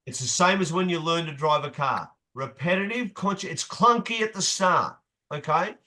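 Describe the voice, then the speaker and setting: A man's voice: on the high side, normal speed, sharp tone. A man leading a motivational group session as coach, emphatic, repeating key phrases and swearing casually.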